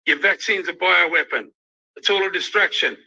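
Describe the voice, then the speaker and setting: A man's voice: sits high, moderate pace, gravelly, sharp tone, husky. An angry, emotional Australian man ranting on a livestream, swearing constantly. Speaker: youth worker ranting on a livestream. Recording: dull lo-fi livestream audio.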